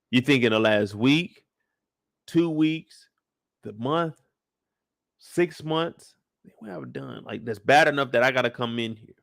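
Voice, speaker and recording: A man hosting a casual live chat, telling the story in an animated way with plenty of cursing. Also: medium pitch, measured pace, creaky, no room sound, studio quality. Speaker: show host recapping a TV episode.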